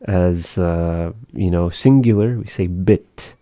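A man's voice: low-pitched, level tone, slow, warm tone, dry recording, studio quality. A man giving a patient one-on-one language lesson, carefully modeling and repeating pronunciations. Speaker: language teacher.

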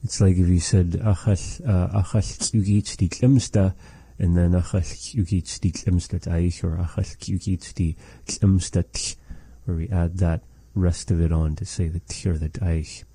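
A man teaching phrases of a language, explaining thoughtfully and pausing to search for words. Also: low-pitched, little pitch movement, warm tone, slightly rough, no echo.

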